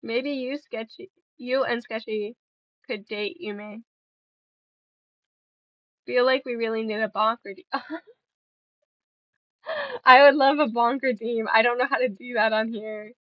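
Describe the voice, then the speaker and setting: A woman's voice: a little high, expressive, unhurried, long pauses, no echo, highs cut off. A young woman streaming and chatting casually with viewers, playful and giggly, rambling between stories.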